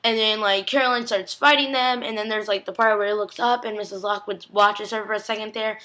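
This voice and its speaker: Close to tears, this young TV recap vlogger talks through an episode in a gushing, chatty way, dropping "like" everywhere and acting out quotes. Her voice is medium in pitch and sharp in tone, with fairly even intonation and a brisk pace.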